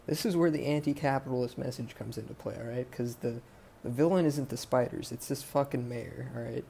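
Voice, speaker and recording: A man's voice: mid-range voice, fairly quick, gravelly, mellow, a little hiss or hum. A man hosting a podcast who recaps a movie in a casual, rambling way, swearing freely and wandering off track. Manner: rambling, profane, sidetracked. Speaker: podcast host.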